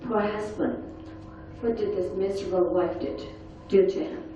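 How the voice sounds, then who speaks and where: A woman's voice: medium pitch, fairly even intonation, normal speed, mellow, a little hiss or hum. A middle-aged woman giving an intense, earnest personal testimony at a forum session. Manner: earnest, intense storytelling with acted-out quotes. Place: large conference hall. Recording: echoey, distant, dull hall recording.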